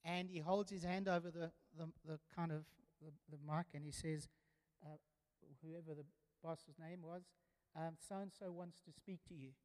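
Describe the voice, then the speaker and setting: A man's voice: fairly high pitch, fairly even intonation, moderate pace, a little mellow, smooth. A man preaching a sermon, telling stories earnestly and building to emphatic declarations. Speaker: pastor. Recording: long church reverb.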